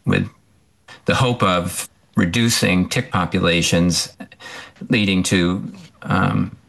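Halting low-voiced professor with gravelly tone. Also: male voice, a bit bright. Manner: hesitant, halting with many ums and restarts. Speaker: professor and tick researcher. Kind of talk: radio interview guest.

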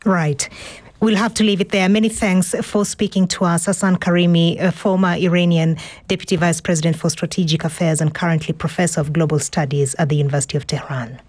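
A woman anchoring the news, putting brisk follow-up questions to a guest. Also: on the low side, fairly even intonation, darkish tone, dry recording.

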